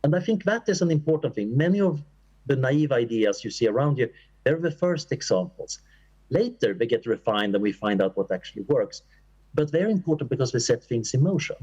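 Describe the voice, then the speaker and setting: Fielding an audience question at an academic conference, a man gives a thoughtful, meandering reply full of fillers and restarts, with coughs at times. His mid-range voice is expressive, brisk, darkish and a bit rough, and the high frequencies are cut off.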